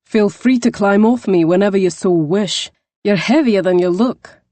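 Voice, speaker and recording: A woman voicing a burly, fierce Scottish man who growls his words in a deep Scottish brogue. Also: normal speed, dark tone, no room sound, natural voice. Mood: dry. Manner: growling, curt.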